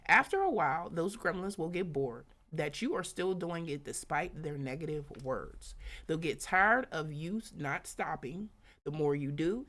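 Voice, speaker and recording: Gravelly low-voiced woman hosting a live talk. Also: fairly bright tone. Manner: chatty and laughing, with quick whispered asides. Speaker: host of a live business talk. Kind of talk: casual motivational talk, reading a book aloud.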